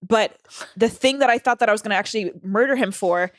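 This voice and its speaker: A woman's voice: medium pitch, no room sound, clean studio sound. A young adult woman co-hosting a podcast, ranting in casual chat with a lot of swearing. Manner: profane, ranting, fast and animated. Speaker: podcast co-host.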